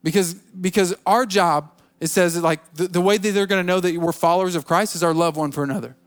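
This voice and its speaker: A pastor preaches a sermon in a high, raised voice at a brisk pace. He is repetitive, stumbling and restarting his words, and he imitates the voices of people making excuses.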